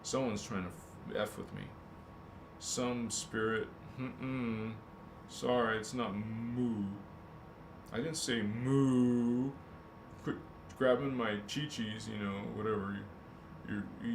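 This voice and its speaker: Male livestream host, very slow and drawn-out, rambling and joking; roomy echo, faint rumble. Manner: slow, drawn-out, musing aloud, joking and swearing.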